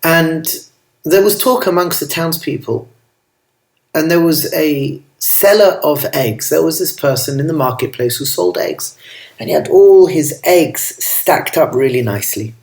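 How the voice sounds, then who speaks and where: A man, a rabbi, telling a family story as a gentle, affectionate sermon that mixes in Hebrew and Yiddish terms. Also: on the high side, measured pace. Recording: roomy echo.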